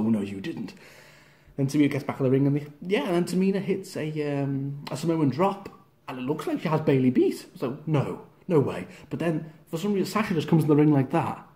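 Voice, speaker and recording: A man's voice: mid-range voice, mellow. A man giving a casual, rambling wrestling review, often acting out the wrestlers' lines.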